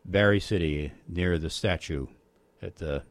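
A man's voice: deep voice, a little slow, no room sound. A man co-hosting a radio show, chatting casually and announcing plans to listeners. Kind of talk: casual on-air chat.

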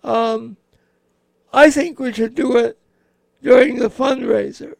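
A man co-hosting a radio show, talking casually in a slow, halting way with many pauses. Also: extremely high pitch, creaky, a little mellow, dry recording. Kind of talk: casual on-air chat.

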